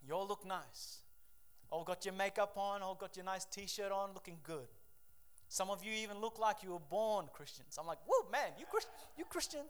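A man preaching a sermon to a church congregation, swinging from loud exhortation to hushed, emotional confession. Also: sits high, normal speed, clean tone. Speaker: pastor. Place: church service.

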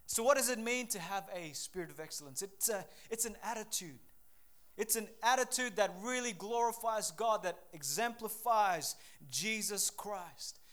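High, bright-voiced energetic male preacher. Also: normal speed. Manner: energetic, conversational, emphatic. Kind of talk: sermon.

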